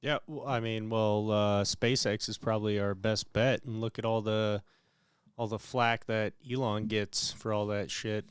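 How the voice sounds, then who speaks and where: A man's voice: on the low side, level tone, clear, resonant tone, dry recording, studio quality. A man co-hosting a casual podcast, talking in a hesitant way with frequent restarts. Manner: slow, hesitant, restarts often. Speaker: podcast co-host.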